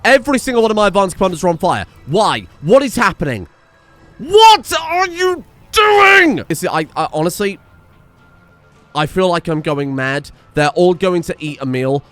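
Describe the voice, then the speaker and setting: A man's voice: fairly high pitch, expressive, fairly quick, no echo, soft background music. A young man commentating a game, ranting at his characters in an exasperated, sarcastic, sweary way. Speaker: gaming streamer. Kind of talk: let's play commentary.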